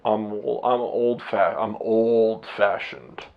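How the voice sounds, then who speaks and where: Blunt, slow-talking man venting to camera. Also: fairly low pitch, steady tone, creaky, muffled recording. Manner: blunt, profane, rambling with restarts. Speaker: vlogger, husband and father. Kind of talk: candid monologue to camera. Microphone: camera set up by himself.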